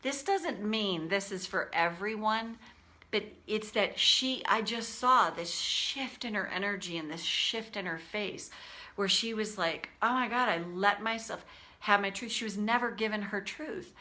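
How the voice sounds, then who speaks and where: A woman coaching viewers on a livestream, candid and animated, speaking to them by name. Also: mid-range voice, unhurried. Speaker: tapping coach.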